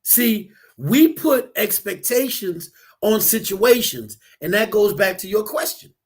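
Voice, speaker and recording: High-voiced man telling a story on talk radio. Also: expressive, takes it slowly, slightly rough. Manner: storytelling, acts out voices in a parable; repeats words when starting sentences. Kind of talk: radio talk show conversation.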